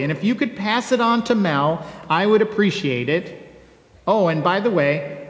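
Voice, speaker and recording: A man speaking as a humble, plainspoken male donkey, folksy and wry, in a slow homey way. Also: on the high side. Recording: echoey church hall.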